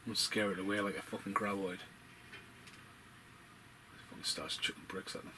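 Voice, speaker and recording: A low-voiced man rambles through a film commentary, swearing freely and getting worked up as he goes. His talk is casual and excitable, with a faint hum of ambience under the voice. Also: a little fast.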